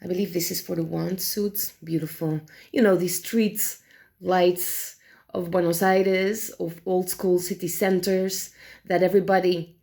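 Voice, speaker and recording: A woman with a lowish voice and a gravelly, fry-laced edge chats casually about tarot decks. She sounds animated and exasperated, swears freely, and stumbles through many fillers and restarts. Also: a little slow. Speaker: tarot deck reviewer. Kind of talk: casual chat.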